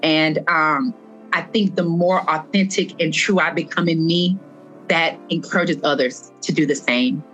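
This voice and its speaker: A woman's voice: low voice, fairly even intonation, measured pace, fairly bright tone, lo-fi sound, soft background music. A woman, a fitness instructor, speaking earnestly as a podcast guest and repeating phrases for stress. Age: adult past her twenties. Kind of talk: heartfelt podcast conversation.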